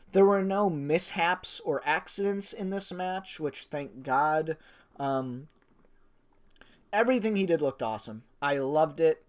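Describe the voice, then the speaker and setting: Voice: medium pitch, darkish tone. A wrestling reviewer talking in a casual spoken review, gushing and rambling with many fillers and restarts, and swearing casually.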